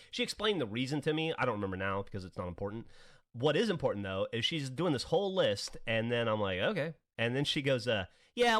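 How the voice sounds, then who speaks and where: A man in his forties tells a rambling anecdote to his co-host, his voice rising and dropping through a lively, expressive range. He laughs, curses freely and acts out the other people in the story. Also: medium pitch. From American South. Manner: animated, laughing, swearing, acts out quoted people. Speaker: podcast co-host. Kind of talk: casual storytelling.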